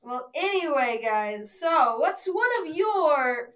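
A woman's voice: sits high, big pitch swings, takes it slowly, a bit bright. A young podcast host chatting eagerly and teasing her co-host. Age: child. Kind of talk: casual chat.

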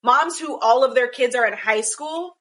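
A woman's voice: sits high, normal speed, fairly bright tone. A woman co-hosting a casual chat over a call, rambling with many restarts. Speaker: podcast co-host. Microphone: video call.

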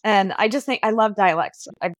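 A woman's voice: mid-range voice, moderate pace, no echo. Eager woman guest, dry sound. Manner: eager, playful, rambling. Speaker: podcast guest. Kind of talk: casual podcast chat.

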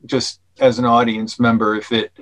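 A man's voice: mid-range voice, level tone, moderate pace, rough recording. A man guest on a podcast explaining his film at length, with many fillers and restarts. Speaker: actor and filmmaker guest. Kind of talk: casual interview chat.

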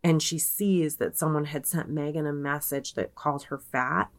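A woman's voice: low-pitched, moderate pace. A young adult woman co-hosting a podcast, casually retelling a story, peppering it with "like" and quoting people in her own voice. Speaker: podcast co-host.

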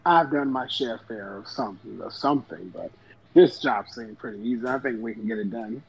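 A man's voice: fairly low pitch, a little fast, creaky, husky. A man voicing a Triton sea-dweller turned pirate captain, speaking in a dry, matter-of-fact way during a tabletop game. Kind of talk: tabletop role-play voice. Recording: dull lo-fi mic.

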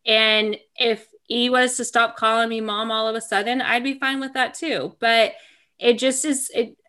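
A woman's voice: fairly high pitch, steady tone, moderate pace, sharp tone. A woman co-hosting a podcast in casual chat, speaking earnestly and reassuringly and often saying "totally".

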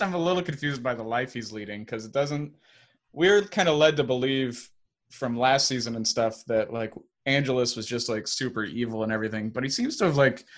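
A man co-hosting a casual podcast, musing out loud with lots of fillers. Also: mid-range voice. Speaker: podcast co-host.

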